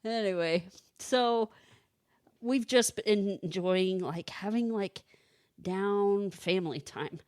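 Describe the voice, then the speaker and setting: A woman's voice: medium pitch, takes it slowly, a little mellow, smooth, dry recording, clean studio sound. A woman co-hosting a podcast, telling a family story in casual chat with lots of fillers. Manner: chatty storyteller, many fillers. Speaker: podcast co-host.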